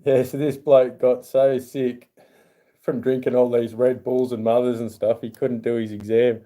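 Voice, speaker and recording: An Australian man hosts a casual livestream, chatting and reading the chat aloud, and greets viewers in a raised, higher voice. His tone is warm and level, his pace moderate.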